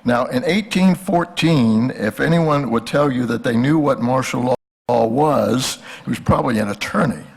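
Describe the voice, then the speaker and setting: An older man speaks in a gravelly voice. He lectures on history in a relaxed, joking way and stops often with fillers. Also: medium pitch, normal speed. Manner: folksy, hesitant with many fillers. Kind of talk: lecture with jokes.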